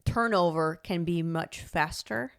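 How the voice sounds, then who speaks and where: A woman's voice: fairly low pitch, a little slow, creaky. A woman co-hosting a casual podcast, talking in a rambling, chatty way with lots of "like" fillers and frequent laughs. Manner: laughs often while telling stories. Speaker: podcast co-host. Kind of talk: casual conversational podcast chat.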